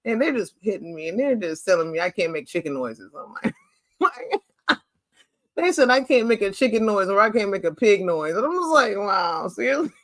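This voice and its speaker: A man hosting a casual chat over family photos, animated and playful, rambling with lots of "like". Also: sits high, normal speed, no echo. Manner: rambling, chatty, heavy use of "like". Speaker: host.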